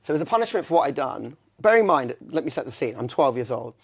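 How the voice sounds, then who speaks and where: A young man speaks candidly as an interview guest, his stories loose and rambling, full of fillers and self-corrections. His voice sits at an ordinary middle pitch. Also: big pitch swings, quick pace, vocal fry, breathy edge. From England. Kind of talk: conversational storytelling.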